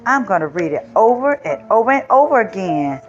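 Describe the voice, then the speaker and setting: A woman's voice: medium pitch, sing-song, fairly quick, slight background noise, pitched above the performer's own voice, lightly acted. A woman voicing a small, boastful, possessive male seed in an emphatic, sing-song storybook delivery, on slightly dull lo-fi audio. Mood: pleased.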